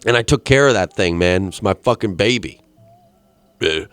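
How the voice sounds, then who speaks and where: A man's voice: moderate pace, clean tone, faint music behind. Rambling, profane young man on a podcast. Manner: rambling, profane, animated storyteller who jumps into high-pitched quoted voices. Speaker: podcast host. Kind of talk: casual solo podcast storytelling.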